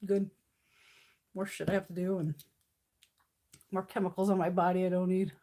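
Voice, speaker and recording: A woman in her fifties hosts a casual beauty livestream, ranting bluntly and with profanity while acting out other people's lines in quoted voices. Her voice is fairly low and warm, with a flat delivery at a moderate pace.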